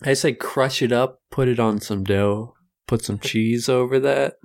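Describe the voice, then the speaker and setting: A man's voice: medium pitch, steady tone, unhurried, creaky. A young man co-hosting a podcast, laughing and playful in casual banter. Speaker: podcast co-host.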